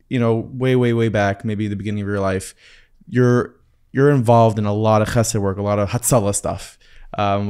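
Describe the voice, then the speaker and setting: A man's voice: medium pitch, darkish tone, smooth. A man hosting a podcast interview, chatty and teasing, asking long rambling questions. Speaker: podcast host.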